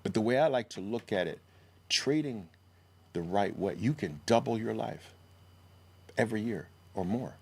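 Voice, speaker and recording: A middle-aged man giving an emphatic sales pitch for trading education, full of mocking rhetorical questions. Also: animated, normal speed, vocal fry, long pauses, darkish tone, slightly rough. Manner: mocking rhetorical questions, mimics naive traders.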